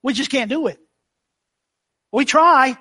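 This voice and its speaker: A man's voice: extremely high pitch, slow, pushed and bright, breathy edge. A man preaching a sermon in a conversational way, acting out the scripture as he reads it. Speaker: pastor.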